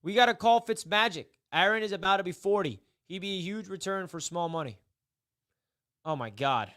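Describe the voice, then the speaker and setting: A man's voice: high voice, normal speed, pushed and bright, dry recording, studio quality. A young man hosting a casual live sports stream, rambling and mock-despairing, repeating himself.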